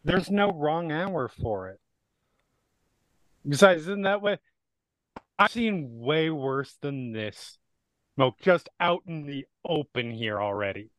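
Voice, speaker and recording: A man's voice: on the high side, expressive, takes it slowly, pauses often, fairly bright tone, dry recording, poor audio. A man playing in a tabletop game, talking in a wry, easygoing way. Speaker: player. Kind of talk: casual tabletop game talk.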